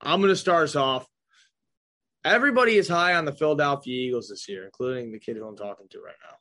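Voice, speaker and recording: A man's voice: fairly high pitch, expressive, fast, sharp tone. A young man hosting a casual football podcast, joking and swearing loosely with his co-host. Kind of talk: casual sports chat.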